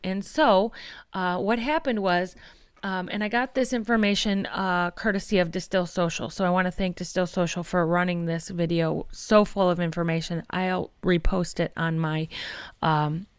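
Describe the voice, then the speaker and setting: A woman's voice: fairly low pitch, fairly even intonation, moderate pace, smooth, no echo. A woman hosting a political commentary podcast, who gets worked up and talks straight to her listeners as friends. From Michigan. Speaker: podcast host.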